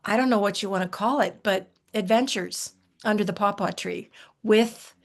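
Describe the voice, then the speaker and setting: An older woman talks through memories in a loose, folksy way, circling back and restarting her thoughts. Her voice sits mid-pitch with a gravelly edge. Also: moderate pace. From United States. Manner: warm folksy storytelling with frequent restarts and laughs. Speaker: herbalist guest. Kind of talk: relaxed conversational storytelling.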